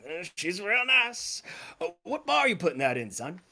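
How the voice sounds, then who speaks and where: A hearty potbellied ship's cook, put on by a man, drawls in a chummy, folksy way. The voice sits noticeably higher and louder than plain talk. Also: sing-song, moderate pace, gravelly, slight background noise, exaggerated voice.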